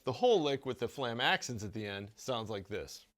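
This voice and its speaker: A man giving a casual drum lesson, talking in a relaxed way with many stammered restarts and small chuckles. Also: mid-range voice, moderate pace, over loud music. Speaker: drum teacher.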